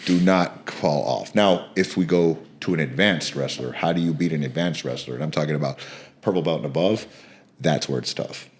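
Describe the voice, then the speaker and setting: Low-pitched man, relaxed podcast co-host, slangy coaching talk. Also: normal speed, slight background noise. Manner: laid-back, slangy, calls people bro and dude. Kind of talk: casual podcast chat.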